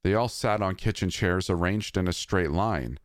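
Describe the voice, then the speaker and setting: A man reading a scripted horror story in a measured, somber way. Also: low-pitched, dry recording, studio quality.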